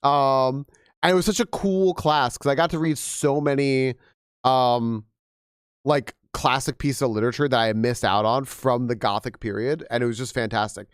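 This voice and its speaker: A young man chatting casually on a game stream, rambling and animated with frequent restarts, slightly hoarse from losing his voice. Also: medium pitch, normal speed, no echo, studio quality. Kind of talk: casual live-stream chat.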